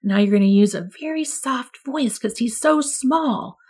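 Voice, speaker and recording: A woman with a fairly high, unhurried voice that carries a breathy edge. She's an early childhood educator explaining classroom methods to fellow teachers in a training talk, friendly and instructive, demonstrating voice levels with lively examples.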